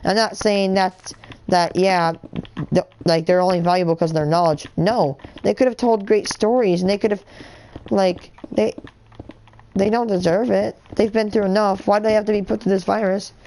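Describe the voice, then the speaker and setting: A woman's voice: medium pitch, fairly even intonation, moderate pace, dark tone, slight background noise. A woman streaming a game live, ranting in a heated, indignant way with lots of fillers and restarts. She is from the United States. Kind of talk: rambling live-stream rant while gaming.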